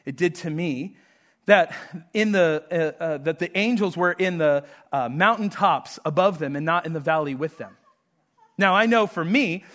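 A man preaching a sermon, acting out the characters in the story and dropping quiet for emphasis. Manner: animated, acts out quotes with rising pitch and volume. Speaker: pastor.

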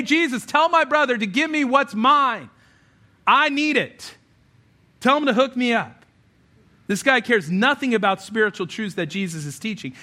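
Bright, high-voiced man preaching. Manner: conversational, animated preaching with acted quotes. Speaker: pastor. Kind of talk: sermon.

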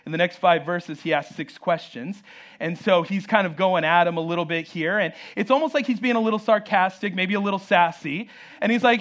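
Guy preaching w a high voice, jokey asides, does little voices for quotes. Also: brisk. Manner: animated, acts out quoted voices; joking asides. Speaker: pastor. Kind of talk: sermon.

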